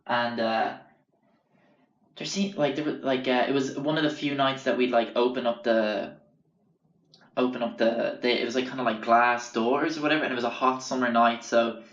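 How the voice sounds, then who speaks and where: A man's voice: mid-range voice, steady tone, moderate pace, fairly bright tone. A man hosting a podcast, rambling through sweary anecdotes and acting out the people he quotes. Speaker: podcast host. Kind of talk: casual storytelling. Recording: roomy, dull lo-fi sound.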